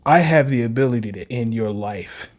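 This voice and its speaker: A man reading the lines of a determined young male sorcerer from a manga, in a steady, measured way. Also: mid-range voice, lightly acted. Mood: resolute.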